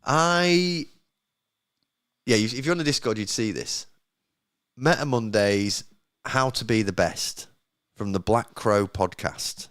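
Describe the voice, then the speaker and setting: Male host, mid pitch, sweary and self-mocking, talks straight to the live audience. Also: slow, pauses often, fairly bright tone, clean tone. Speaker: podcast host. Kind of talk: casual banter on a live podcast.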